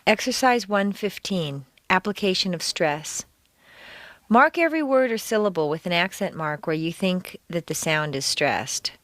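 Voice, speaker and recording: A woman reading a scripted audio lesson as a pronunciation coach, giving clear, deliberate instructions and stressing words strongly to show intonation. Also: fairly low pitch, expressive, fairly bright tone, no room sound. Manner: clear, deliberate teaching delivery with exaggerated stress. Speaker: accent coach.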